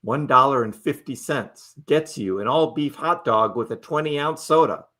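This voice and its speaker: A man's voice: medium pitch, moderate pace, bright, forceful tone. A middle-aged man hosting a casual live stream, chatting loosely with his viewers, reading their messages aloud and laughing often. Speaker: livestream host.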